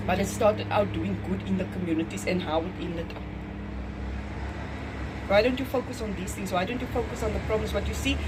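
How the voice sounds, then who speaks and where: A woman's voice: mid-range voice, heavy background noise. A woman with a South African accent talking casually to her vlog audience at home, emphatic and repeating phrases for effect. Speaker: vlogger. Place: home kitchen.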